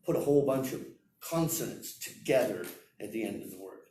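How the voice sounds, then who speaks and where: A man teaching English at a seminar, lecturing slowly and demonstrating example sentences aloud. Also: fairly low pitch, expressive, dark tone, a little hiss or hum. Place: seminar room. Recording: roomy echo, heard from far off.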